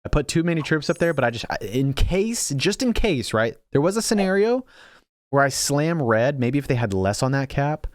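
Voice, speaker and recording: In clean studio sound with no room echo, a young man with a fairly high, very animated voice talks at normal speed through his own strategy game. He hosts a gaming channel, thinks aloud, mocks his own mistakes, and keeps restarting.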